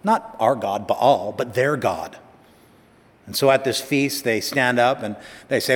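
A male pastor preaching a sermon in a church, emphatic, slowing down and speeding up and rising to stress his points. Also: medium pitch, animated, a bit bright. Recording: long hall reverb.

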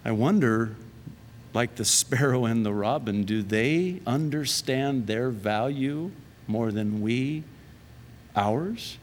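Animated preacher in a reverberant hall. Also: male voice, mid-range voice, slow pace, slight background noise. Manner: animated and conversational, laughs at his own jokes. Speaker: pastor. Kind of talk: sermon. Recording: long reverb of a large hall.

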